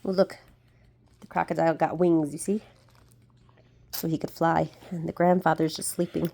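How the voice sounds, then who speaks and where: A woman reading a picture book aloud to a young child, animated, with gasps and asides. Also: sits low, normal speed, gravelly. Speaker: storybook reader.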